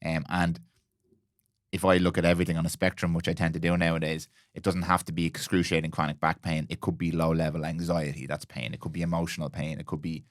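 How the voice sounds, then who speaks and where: A man's voice: deep voice, flat delivery, fast talker, no room sound, clean studio sound. A man hosting a podcast, chatting casually and reflectively about personal experience, with frequent restarts. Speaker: podcast host. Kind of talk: casual interview chat.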